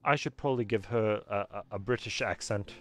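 A man's voice: fairly low pitch, brisk, soft background music. A man giving casual, sarcastic commentary while playing a game, swearing freely. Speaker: game streamer.

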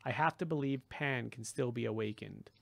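A man voicing a gentle, idealistic young male satyr who talks mournfully and turns indignant. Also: mid-range voice, normal speed, creaky, dry recording. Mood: determined.

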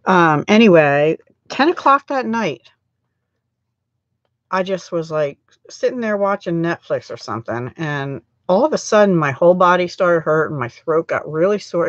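A woman's voice: low voice, no echo, highs cut off. A middle-aged woman hosting a live crafting stream, chatting in a rambling way as she works, her throat still scratchy from a cold. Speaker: craft channel host.

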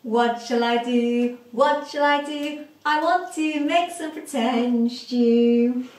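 A woman teaching young children, speaking slowly and clearly and drawing out rhyming words in a sing-song way. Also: a little high, echoey room. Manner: slow, clear and exaggerated, stretching rhyming words. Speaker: preschool teacher.

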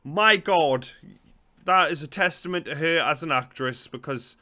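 A man with a Geordie accent, chatting excitably and swearing while reacting to a comedy show. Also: on the high side, a little fast. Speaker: reaction video host. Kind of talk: casual reaction commentary.

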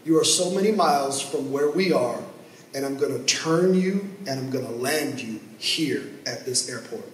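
A man voicing a calm male air traffic controller who gives steady, step-by-step instructions in a firm manner. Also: medium pitch, moderate pace, roomy sound, far from the mic, close to an everyday voice, low-quality recording. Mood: steady, commanding.

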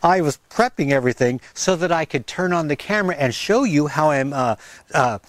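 A man's voice: fairly high pitch, expressive, a little fast, no room sound. Chatty man outdoors in the wind. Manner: rambling, chatty, laughs at himself; sing-song baby talk to his dog. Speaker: gardening channel host. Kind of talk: casual outdoor vlog. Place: windy garden outdoors. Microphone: wireless mic with fuzzy windscreen.

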